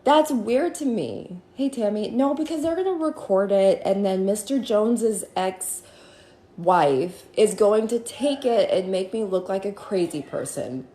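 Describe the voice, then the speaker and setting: Slow-talking gossipy woman on a live stream. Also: mid-range voice. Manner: gossipy, animated, breaks into sing-song bits. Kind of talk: rambling casual live-stream chat. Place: at home. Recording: roomy echo with faint ambience.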